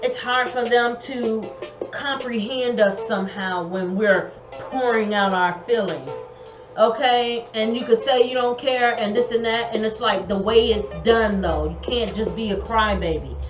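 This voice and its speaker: A woman's voice: a little high, unhurried. A woman giving an online tarot reading in an emphatic, colloquial way, repeating her advice. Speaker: tarot reader. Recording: echoey room, music behind.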